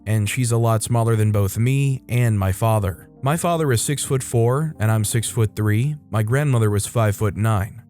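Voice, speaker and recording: A man's voice: medium pitch, mellow. A man narrating online stories aloud in a casual way, adding joking asides for his listeners. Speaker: story narrator.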